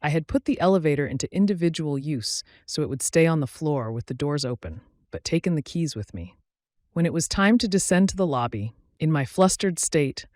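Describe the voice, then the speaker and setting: A man reading first-person stories aloud as scripted narration, in a steady, matter-of-fact way. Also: a little high, no echo, studio quality. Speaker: story narrator.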